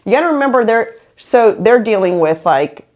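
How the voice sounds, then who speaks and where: A woman's voice: a little high, moderate pace. A woman podcast host telling a story in casual chat, acting out the people she quotes. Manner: animated, acts out quoted people.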